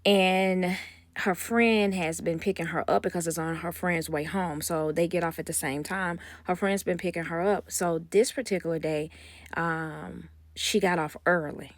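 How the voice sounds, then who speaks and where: A woman telling a casual storytime, acting out quoted dialogue with animated gossipy energy, close to a phone mic. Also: fairly low pitch, moderate pace, no room sound. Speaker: nanny vlogger.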